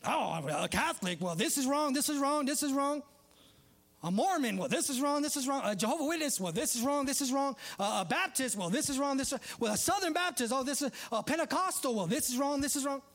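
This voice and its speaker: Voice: high-pitched, animated, brisk, a bit bright, pitched above the performer's own voice. A preacher acting out a judgmental churchgoer who dismisses every other denomination, in a dismissive, repetitive manner.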